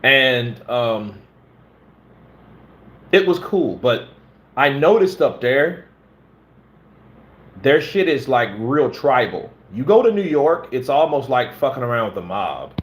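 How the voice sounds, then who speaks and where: A Southern American stunt performer chats casually, spinning profane, rambling stories. His mid-range voice swings widely in pitch, and he talks slowly with frequent pauses.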